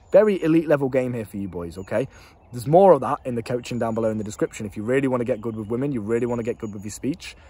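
Young guy ranting dating tips super fast, kinda husky, swears a lot. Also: a little high. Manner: blunt, swearing, laughs at himself. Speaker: dating coach. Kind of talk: casual advice monologue to camera.

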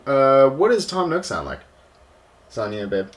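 A man's voice: very animated, measured pace, pauses often. A young man co-hosting a game let's play, chatting casually and laughing often. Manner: laughing often, swinging pitch for jokes.

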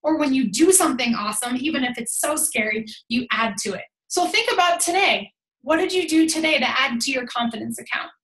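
High, bright-voiced energetic woman coach. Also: a little fast, echoey room. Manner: energetic, emphatic, chatty with many "like"s. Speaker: team coach. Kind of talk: motivational team call talk. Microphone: call audio.

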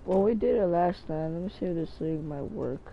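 A young man giving excitable, swear-sprinkled commentary while playing a video game and talking to himself. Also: high voice, fairly quick, muffled recording, slight background noise. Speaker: gaming channel host. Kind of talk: live gameplay commentary.

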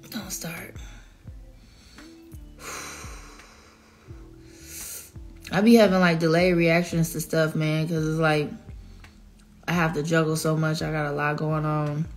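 A young woman, teary after crying, talking emotionally in a casual selfie vlog, her voice swinging from whispers to shouts. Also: sits low, flat delivery, normal speed, pauses often, faint music behind. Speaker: singer.

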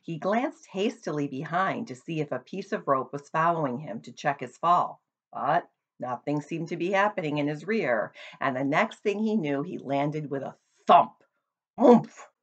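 A woman reading a children's book aloud in an expressive storytelling manner. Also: low-pitched, normal speed, slightly rough, lo-fi sound. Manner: expressive, shows pictures to listeners. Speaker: storybook reader.

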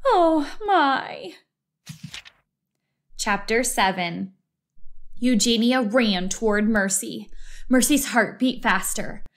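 A woman reading a children's storybook aloud in an expressive, slow read-aloud style. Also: mid-range voice. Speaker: storybook reader.

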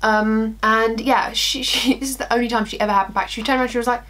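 Quick and a little high-pitched, a twentysomething woman chats through a story as she does her makeup for her beauty vlog. She's animated, acts out the quotes, and laughs along the way.

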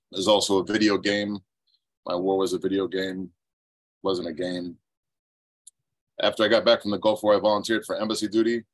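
A man's voice: low-pitched, dry recording, low-quality recording. A man in his fifties from the United States giving an earnest, emotional presentation on a video call. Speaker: presenting ceramic artist, veteran. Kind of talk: webinar presentation. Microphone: computer mic on video call.

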